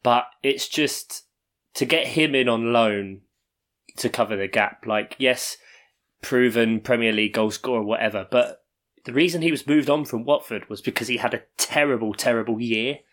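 A man's voice: medium pitch, normal speed, fairly bright tone. A man co-hosting a sports podcast in casual chat, joking and riffing on numbers. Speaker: podcast co-host.

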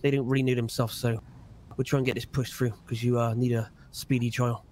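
A man with a West Country English accent, playing a lawyer in a role-play game and chatting calmly with plenty of fillers. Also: medium pitch, a little fast, a little hiss or hum. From South West England. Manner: calm, chatty, with many fillers and restarts. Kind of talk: in-character role-play banter.

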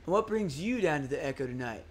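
A man voicing a wistful old male river-rat boat captain in a video game, musing slowly. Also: on the high side, lively intonation, a little hiss or hum, close to an everyday voice. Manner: slow, musing, folksy storytelling.

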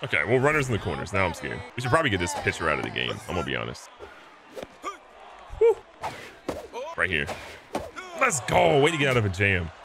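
A young man casually commentating his own baseball video game, excitable and joking, swinging between hype and mock despair. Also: deep voice, a little fast, long pauses, noisy background. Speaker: gaming channel host. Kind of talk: live gameplay commentary.

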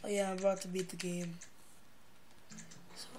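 A young man giving crude, joking commentary while playing a video game, mostly mumbling with sudden shouted outbursts. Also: high voice, steady tone, normal speed, background noise. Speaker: gaming video host.

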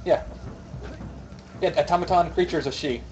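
A man's voice: a little high, moderate pace, a little mellow, a little hiss or hum, poor audio. A young man streaming a video game, chatting casually and joking around, now and then slipping into a mock Scottish accent. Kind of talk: casual gaming stream chat.

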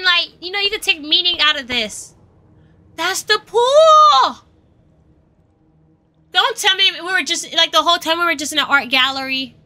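A young adult woman streaming a game live, reacting with excited exclamations and chatting to her viewers. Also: very high-pitched. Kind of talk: live gameplay commentary.

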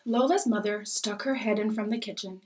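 A woman's voice: medium pitch, moderate pace. Woman reading a picture book aloud. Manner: gentle, expressive storytelling. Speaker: storybook reader. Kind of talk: children's book read-aloud.

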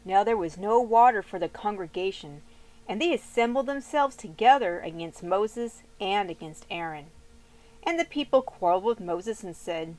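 A woman's voice: mid-range voice, lively intonation, moderate pace, darkish tone, no echo, rough recording. A woman reading scripture aloud expressively and breaking off for casual, chatty comments. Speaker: Bible reader and commentator.

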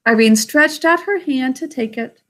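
A woman reading a children's book aloud, pausing to explain the story in plain words. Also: high voice. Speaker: story reader.

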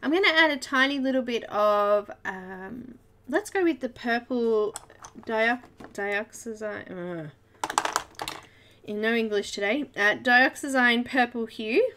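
This Australian woman's voice is a little high, bright and forceful, and she takes things slowly. Hosting a live colouring tutorial, she keeps up a casual, giggly chat with her viewers while working.

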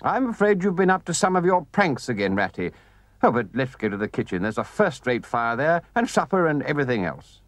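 A man voicing a gruff, fatherly old male badger in a storybook recording. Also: mid-range voice, very animated, brisk, fairly bright tone, no echo, voice pushed up. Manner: gruff, suspicious then kindly.

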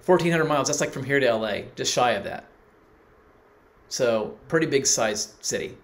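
Middle-aged man, pastor, sermon storytelling, mid-pitched voice, voices quoted people. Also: animated, normal speed.

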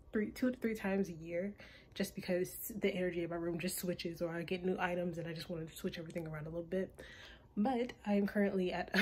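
Young woman vlogger, breathless and chatty, warm lowish voice, faint bedroom hiss. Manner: chatty, rambling with many ums. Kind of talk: casual room tour. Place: her bedroom, indoors.

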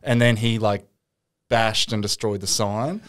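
A man's voice: on the low side, steady tone, unhurried, fairly bright tone, clean tone. An Australian man hosting a podcast, telling rambling anecdotes full of fillers and swearing in casual chat.

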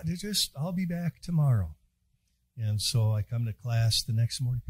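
Man, preacher, husky voice, dry close sound, folksy joking sermon. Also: medium pitch, animated, moderate pace, no room sound. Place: chapel.

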